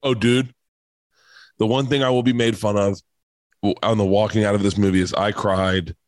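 A man's voice: lowish voice, fairly even intonation, normal speed, no room sound. Middle-aged guy rambling and swearing, telling stories on a podcast, dry close sound. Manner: rambling, profane, gets emotional and choked up. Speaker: comedian guest on a podcast. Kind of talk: casual storytelling chat.

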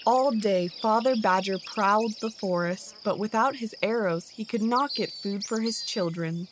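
Calm woman narrator for a sleep story, very unhurried, faint hiss under the voice. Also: mid-range voice. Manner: slow, soothing storytelling.

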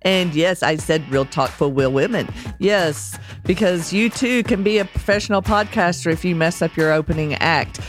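A woman's voice: fairly low pitch, normal speed, few pauses, faint music behind. A woman with a Texas accent hosting her own podcast, talking in a chatty, candid way and joking at her own expense. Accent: Texan. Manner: chatty and candid, self-deprecating. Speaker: podcast host. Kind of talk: casual solo podcast talk.

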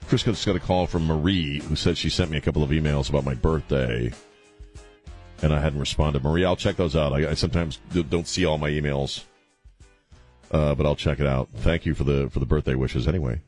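A man's voice: a bass voice, a little fast, a little mellow, soft background music. A man hosting call-in talk radio from a studio, with mocking, irreverent banter and frequent laughs. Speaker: radio talk show host. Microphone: studio microphone.

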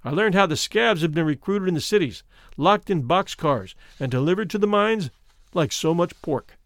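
Man, audiobook narration, measured, solemn, somewhat high voice, dry sound. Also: animated, no echo.

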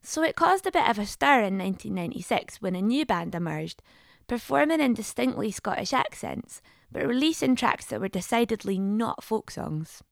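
A woman hosting a documentary podcast, narrating from a script and asking interview questions in a clear, measured way. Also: mid-range voice, big pitch swings, no room sound.

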